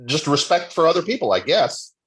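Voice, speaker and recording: A man's voice: a little high, very animated, brisk, fairly bright tone. A middle-aged man co-hosting a podcast, chatting casually and repeating words like "interesting.". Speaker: podcast co-host. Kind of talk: casual chat.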